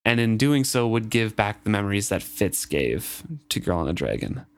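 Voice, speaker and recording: A man's voice: fairly low pitch, very animated, moderate pace, smooth. A man co-hosting a casual book discussion, reading passages and thoughtfully explaining the plot.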